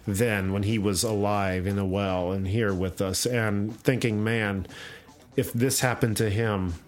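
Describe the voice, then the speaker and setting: Lowish-voiced male host telling a story. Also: unhurried, slight background noise. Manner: animated storyteller, acts out voices. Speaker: podcast host. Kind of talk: casual chat, retelling a comic.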